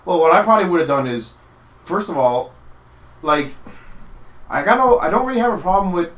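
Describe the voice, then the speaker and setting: Fast-rambling man in an echoey room. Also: high-pitched, lively intonation, a bit bright. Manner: rambling, many restarts and "like" fillers. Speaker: podcast co-host. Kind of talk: casual wrestling chat.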